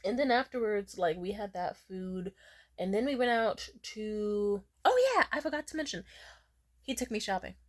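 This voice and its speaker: A young woman vlogger rambling through a storytime with lots of swearing and asides. Her voice sits at an ordinary middle pitch, and she jumps into high squeals when she imitates people she met. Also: very animated, moderate pace. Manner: chatty, profane, acts out quotes in high squeals. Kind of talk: casual storytime vlog.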